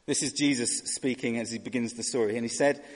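A man's voice: medium pitch, fairly even intonation, a little fast, breathy edge, in a large hall. A man preaching a sermon in a conversational way, asking rhetorical questions and voicing characters.

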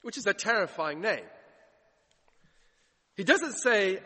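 Man, preacher, high voice, dramatic sermon delivery, long church reverb. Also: very animated, takes it slowly, pushed and bright, husky. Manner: dramatic retelling, acting out quoted voices.

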